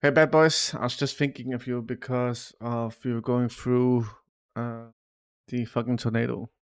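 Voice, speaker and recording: A man's voice: medium pitch, level tone, a little slow, smooth, no room sound, studio quality. A man live streaming and chatting casually about the news, loose and swearing, calling his viewers "dude" often. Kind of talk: casual chat.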